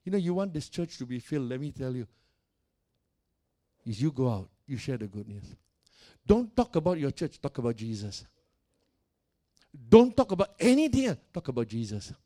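A man's voice: mid-range voice, very animated, normal speed, long pauses, dark tone. A male pastor preaching a sermon, emphatic and repetitive, putting direct questions to his congregation.

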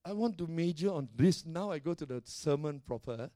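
High-voiced emphatic male preacher. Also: lively intonation, normal speed, dark tone, no room sound. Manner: emphatic preaching with call-and-response tags. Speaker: pastor. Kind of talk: sermon.

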